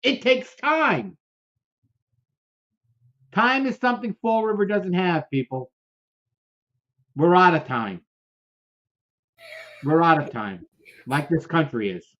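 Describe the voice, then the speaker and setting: A man's voice: fairly high pitch, animated, takes it slowly, long pauses, fairly bright tone. A man co-hosting a political commentary show, talking in a fiery, repetitive way full of rhetorical questions. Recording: dull lo-fi sound.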